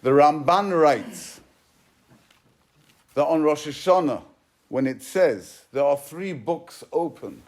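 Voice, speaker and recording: A man with a somewhat high voice gives a Torah class as a rabbi. He retells an old story emphatically, his loudness swinging from hushed to forceful. He weaves Hebrew and Yiddish terms through his English. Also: animated, takes it slowly, pauses often. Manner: emphatic, swings between loud and soft. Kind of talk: sermon.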